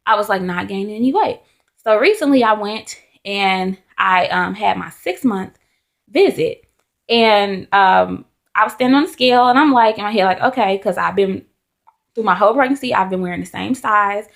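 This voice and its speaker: A young adult woman vlogging in casual chat to camera, telling stories in a chatty, animated way with candid asides. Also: fairly high pitch, normal speed.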